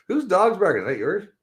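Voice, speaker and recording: A Canadian man hosting a podcast, high and rambling in casual, profane chat with frequent laughs. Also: heavy background noise.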